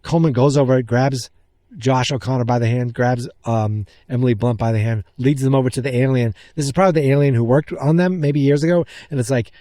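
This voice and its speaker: A man hosting a podcast, excitedly retelling a film's scenes in a rambling, casual way. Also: medium pitch, fairly quick, no echo, clean studio sound. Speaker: podcast host. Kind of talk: casual movie recap.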